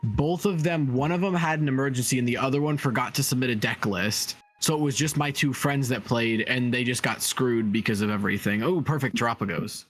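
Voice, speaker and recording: A man's voice: mid-range voice, brisk. A man co-hosting a card game stream, chatting casually and rambling with a lot of "like". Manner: chatty, lots of "like", rambling stories. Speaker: stream co-host. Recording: faint music behind. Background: faint music.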